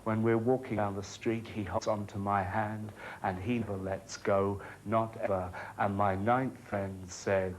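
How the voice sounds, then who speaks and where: A man performing a spoken-word monologue in a measured, rhythmic storytelling manner. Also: on the low side, little pitch movement, slight background noise.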